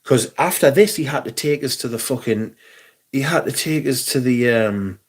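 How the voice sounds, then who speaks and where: A man's voice: medium pitch, normal speed. Sweary man telling a story. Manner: swearing, animated anecdote with quoted voices. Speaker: livestream host. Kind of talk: casual livestream storytelling.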